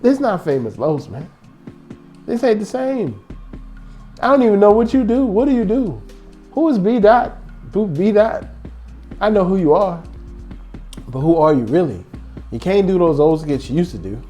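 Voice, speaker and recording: A man's voice: sits high, normal speed, long pauses, faint music behind. A man hosting a casual basketball fan show, rambling and joking as he goes. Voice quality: animated, rambling, joking banter. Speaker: sports vlog host.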